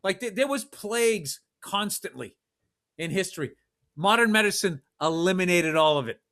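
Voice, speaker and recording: A man's voice: high voice, lively intonation, normal speed, a bit bright. A man co-hosting a comedy podcast, ranting emphatically and swearing constantly in casual chat. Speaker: podcast co-host.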